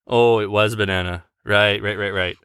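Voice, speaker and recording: A woman's voice: a bass voice, fairly even intonation, normal speed, fairly bright tone, clean tone, dry recording. A woman hosting a casual podcast chat with a child, speaking in a patient, coaxing, teacherly way into a desk microphone. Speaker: podcast host.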